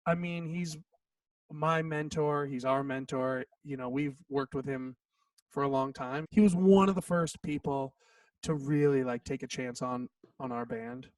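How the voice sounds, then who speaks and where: A man's voice: mid-range voice, a little slow, dry recording, distant mic. A man in his thirties, a songwriter guest, telling a story in a casual interview, acting out quotes and saying "like" a lot. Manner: animated, acts out quotes, says "like" often.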